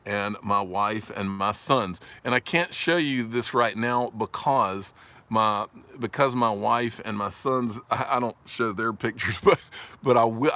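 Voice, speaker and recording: A man's voice: lowish voice, fairly bright tone. A man with a Southern US accent hosting a casual livestream, rambling, joking, laughing often and reading viewer comments aloud. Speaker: livestream host.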